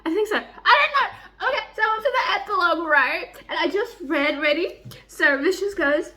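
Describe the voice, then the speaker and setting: Giddy high-voiced young woman gushing. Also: expressive, moderate pace, bright, forceful tone. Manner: gushing, giddy and swearing freely. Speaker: book vlogger. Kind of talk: excited reading vlog chat.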